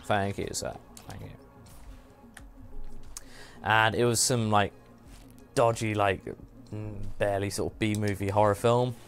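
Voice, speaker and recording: This man's voice is on the low side with a darkish tone. Hosting a live game stream, he rambles through a story in casual chat, laughing often and tossing in self-deprecating asides.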